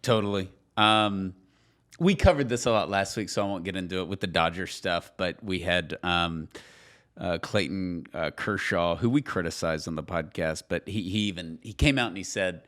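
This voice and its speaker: A man co-hosting a podcast in casual chat, joking and animated, sometimes trailing off. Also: deep voice, moderate pace. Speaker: podcast co-host.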